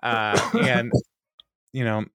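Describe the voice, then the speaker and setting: A man co-hosting a podcast, casually retelling a sitcom episode with lots of fillers and quick laughs. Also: lowish voice, flat delivery, sharp tone, no room sound, studio quality. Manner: retells scenes with quoted lines, many fillers, laughs often. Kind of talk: casual chat.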